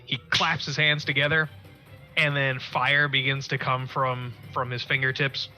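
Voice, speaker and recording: A man describing his character's actions in a tabletop game, rambling and halting with fillers. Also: mid-range voice, little pitch movement, bright, forceful tone, faint music behind. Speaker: player. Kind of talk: casual tabletop game narration.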